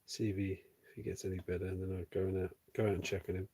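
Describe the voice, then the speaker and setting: A man chatting casually and softly with viewers on a livestream while he paints a model. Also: low voice, flat delivery, quick pace, slightly rough. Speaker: streamer and miniature sculptor.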